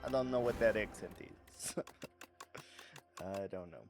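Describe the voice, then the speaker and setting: A man's voice: on the low side, measured pace, music in the background. A man streaming a game live, chatting casually in a rambling, self-deprecating way.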